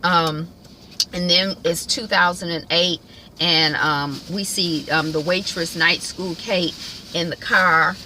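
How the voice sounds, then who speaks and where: A woman's voice: fairly low pitch, steady tone, takes it slowly, bright, forceful tone, a little hiss or hum, low-quality recording. A woman at home giving a casual, colloquial recap of a TV episode, chatting and acting out the characters' lines. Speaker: TV recap vlogger.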